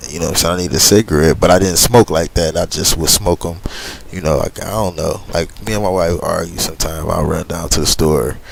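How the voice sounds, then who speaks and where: A middle-aged man telling a long personal story casually while gaming, rambling and animated. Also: sits low, a little fast, vocal fry, slight background noise. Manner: animated, rambling, frequent "you know what I'm saying". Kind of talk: casual storytelling over gameplay.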